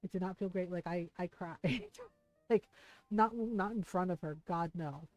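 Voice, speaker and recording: A middle-aged woman with a lowish, darkish voice streams and chats at a measured pace over faint game music. She tells a personal story in a rambling, candid way, full of fillers and restarts, on a dry, low-quality recording.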